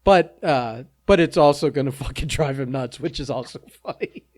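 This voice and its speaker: A man co-hosting a casual podcast, giving wry, measured commentary with a dry sense of humor. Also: mid-range voice, darkish tone. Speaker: podcast co-host.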